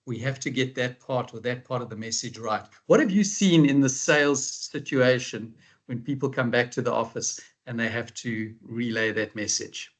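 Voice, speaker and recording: A man's voice: mid-range voice, normal speed. A man with a South African accent hosting a sales webinar, asking his guest questions in a conversational way. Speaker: webinar host. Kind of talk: moderating a webinar.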